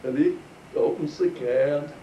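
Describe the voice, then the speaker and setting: A man's voice: on the high side, wildly swooping pitch, a little slow, vocal fry, lo-fi sound. An older man telling a chuckling, folksy story from his life to family. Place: living room with family listening. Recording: roomy home recording, distant mic, faint hiss.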